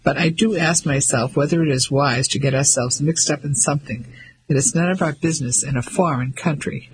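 A man's voice: on the high side, a little fast, a little hiss or hum, lightly acted, poor audio. A man voicing a proper, disapproving English lady who talks in a prim, scolding way.

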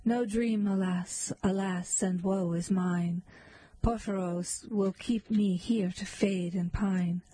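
A woman voicing a frightened, sorrowful young woman as she reads a narrative poem aloud, in a slow, measured recitation. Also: mid-range voice, steady tone, warm tone, breathy edge, rough recording. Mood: sorrowful pleading.

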